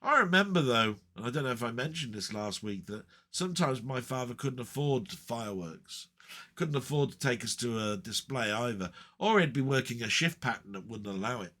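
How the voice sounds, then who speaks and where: Male vlogger, bright voice, mid pitch, loose rambling delivery. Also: lively intonation, moderate pace. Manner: rambling, chatty, frequent ums and asides. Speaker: retro gaming vlogger. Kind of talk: casual rambling chat.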